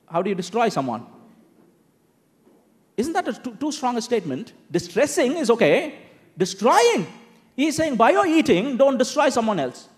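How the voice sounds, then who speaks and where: A man's voice: extremely high pitch, moderate pace. A man preaching a sermon in a conversational style, explaining scripture with frequent asides and rhetorical questions. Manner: conversational, animated preaching with frequent "you know" and "okay?".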